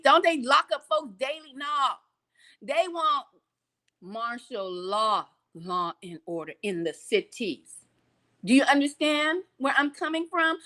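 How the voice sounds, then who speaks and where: A woman giving animated commentary on a news clip, preaching with rhetorical questions at her listeners. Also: sits high. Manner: preachy, rhetorical questions, laughs, slips into voices. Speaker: commentator reacting to a press clip.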